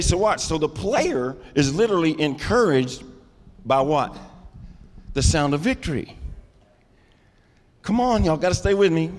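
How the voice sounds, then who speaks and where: A middle-aged man preaching a sermon, calling out to the congregation and rising into loud, emphatic bursts. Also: high voice, big-room sound. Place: church sanctuary.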